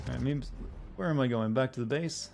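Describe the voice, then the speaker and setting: A man's voice: mid-range voice, brisk, creaky, over music. A young man streaming a game, giving sarcastic commentary and mocking what happens on screen. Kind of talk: gameplay commentary.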